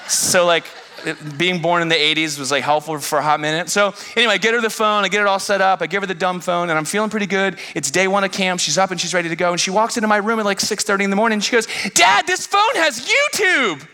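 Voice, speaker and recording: Bright, animated male pastor. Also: high voice, very fast, clean tone. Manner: animated, self-deprecating storytelling with acted-out exasperation. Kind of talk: storytelling sermon.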